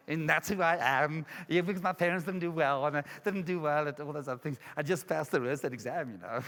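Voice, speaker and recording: Brief: emphatic male keynote speaker, bright and high, with a reverberant hall sound. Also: fairly quick. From South Africa. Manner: emphatic, with repeated rhetorical questions. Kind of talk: motivational conference speech. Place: large casino conference hall.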